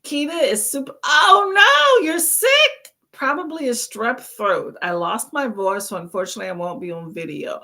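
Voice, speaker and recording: A woman's voice: mid-range voice, big pitch swings, measured pace, pushed and bright. A tired woman hosting a casual reading livestream, chatty and laughing often as she greets her chat. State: tired from no sleep. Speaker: livestream book club host.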